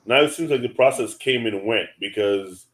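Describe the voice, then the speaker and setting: A man with a fairly low voice co-hosting a casual sports show. He talks in a laid-back way, fills pauses with ums, and drops in agreeing mm-hmms while the other host speaks. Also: a bit bright. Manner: laid-back, thinks aloud with ums, lots of mm-hmm. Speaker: podcast co-host.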